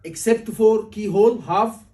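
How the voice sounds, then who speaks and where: A man teaching a surgery exam class, animated and asking his students questions often, acting out patient lines. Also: sits high, a little slow. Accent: Liverpool. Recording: voice from a distance.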